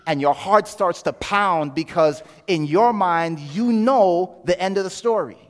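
Male preacher, slightly high voice, animated storyteller, long hall reverb. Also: takes it slowly. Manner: animated storyteller, swings from hushed to loud. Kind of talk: sermon storytelling.

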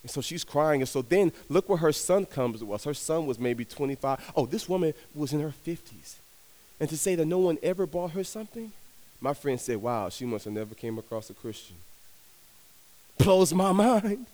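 A young man preaching to a youth audience, telling stories with energy and swinging between soft and loud delivery. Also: on the high side, animated, moderate pace, long reverb tail. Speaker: youth minister. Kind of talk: sermon. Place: large hall with young audience.

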